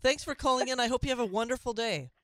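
A woman's voice: a little high, fast talker, a bit bright, dry recording, clean studio sound. A woman hosting a call-in talk radio show, speaking conversationally with frequent restarts and asides.

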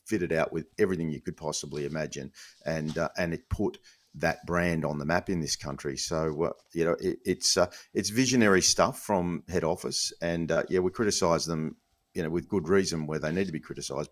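Low-voiced wry man. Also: brisk. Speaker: podcast co-host. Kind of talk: casual sports chat.

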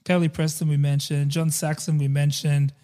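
A man's voice: fairly high pitch, level tone, moderate pace, mellow. A man co-hosting a casual film podcast, rambling with many fillers. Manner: rambling, chatty, hesitant fillers. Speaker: podcast co-host.

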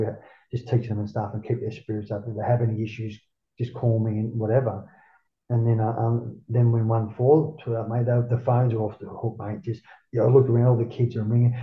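An Australian man, a former surfer being interviewed, telling stories casually, swearing a lot and jumping up in pitch to act out what people said. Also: vocal fry, roomy sound, narrow, tinny audio. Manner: animated, swears constantly, acts out quotes in a raised voice. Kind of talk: casual storytelling.

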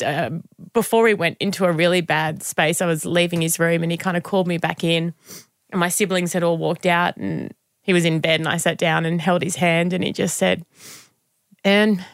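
Woman in her thirties, podcast guest; gravelly edge, dry close sound, reflective and halting. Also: fairly low pitch, steady tone, dry recording. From Australia. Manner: reflective, halting, with frequent restarts. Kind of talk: candid conversational interview.

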